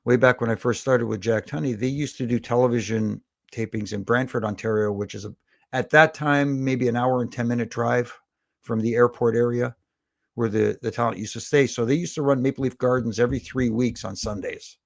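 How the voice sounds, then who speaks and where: A middle-aged man, a guest on a podcast, telling long, animated anecdotes full of restarts. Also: mid-range voice, fairly quick, gravelly, no echo, clean studio sound. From Toronto, Canada. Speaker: guest, former wrestling referee. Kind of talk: casual storytelling interview.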